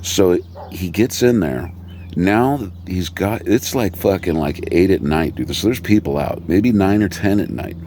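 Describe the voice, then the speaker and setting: A man's voice: low-pitched, lively intonation, measured pace, warm tone, slight background noise. A man in a casual comedic rant, rambling and swearing freely, with frequent restarts. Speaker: video creator.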